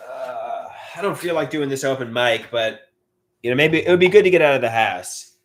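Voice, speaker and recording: A man's voice: mid-range voice, normal speed. A man rambling in a live stream monologue from home, stammering and repeating his words as he mutters to himself. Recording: echoey room.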